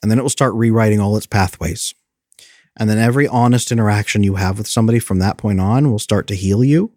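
A man's voice: lowish voice, fast, a little mellow, no echo, studio quality. A man who is an attachment specialist, explaining in an earnest, coaching way and briefly mimicking anxious inner voices.

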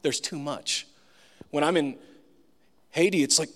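Storytelling pastor in a reverberant hall. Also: male voice, a little high, measured pace. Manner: conversational storytelling, self-deprecating humor. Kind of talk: sermon with personal stories. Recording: long reverb of a large room.

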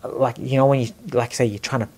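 A man's voice: medium pitch, fairly even intonation, fast talker, a little mellow. A man in his forties, a former boxer, talking candidly about fatherhood and himself in casual conversation, repeating words and swearing bluntly. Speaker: podcast guest, former boxer.

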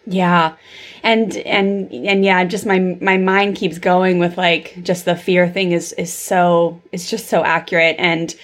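A woman's voice: on the low side, fairly even intonation, slow. A woman in her thirties hosting a podcast, telling a personal story in a chatty way full of fillers. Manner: chatty, filler-heavy storytelling with lots of 'like' and 'super'. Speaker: podcast host. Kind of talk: casual interview chat.

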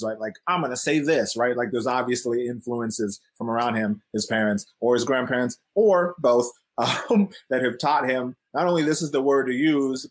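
A man's voice: mid-range voice, husky. A man telling a story from his childhood in a casual way. He acts out the people in it, laughs often and fills his talk with "like" and "right?".

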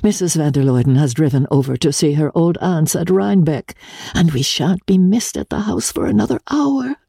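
A woman's voice: low voice, lively intonation, normal speed, creaky, mellow, husky, dry recording, studio quality, pitched above the performer's own voice, full character voice. A woman voicing an elegant, wistful young countess who talks in a lightly teasing, petulant way. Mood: eager.

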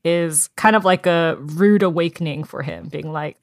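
A woman with a lowish voice chats about a book she loved. She retells scenes in a lively way, slipping into the characters' lines with plenty of fillers. The sound is close and dry, with no room around it. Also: normal speed, hardly any pauses, dry recording. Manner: animated storytelling, acts out characters' lines. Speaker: book discussion co-host. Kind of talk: casual chat.

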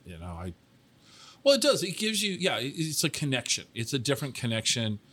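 A man in a mid range voice hosts a relaxed podcast interview. He rambles, teases his guest, and restarts his sentences as he goes. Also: medium pitch, a little fast, husky. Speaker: podcast host. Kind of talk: casual interview chat.

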